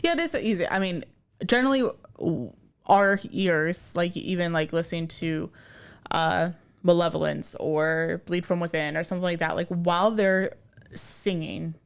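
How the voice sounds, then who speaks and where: A woman's voice: fairly low pitch, normal speed, gravelly, smooth. A woman co-hosting a metal music podcast. She chats casually, hesitates, and lets her sentences trail off. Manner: hesitant, trailing off, short agreeing replies. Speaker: podcast co-host. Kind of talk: casual chat.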